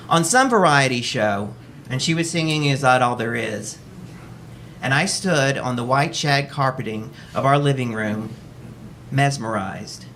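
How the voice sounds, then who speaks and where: Wry, animated man telling stories on stage. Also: mid-range voice, slight background noise. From Texas. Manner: wry and animated, laughing through lines. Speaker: storytelling show host. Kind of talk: live personal storytelling. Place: cabaret stage before an audience.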